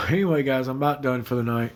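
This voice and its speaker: A man crying while he talks on a phone livestream from his bedroom, halting, emotional and apologetic. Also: mid-range voice, slight background noise. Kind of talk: casual livestream chat. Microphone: phone camera.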